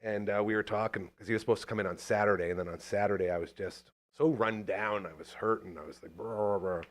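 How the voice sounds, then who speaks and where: A man hosting a podcast in casual chat, talking in an animated, fired-up, rambling way. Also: fairly low pitch, quick pace. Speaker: podcast host.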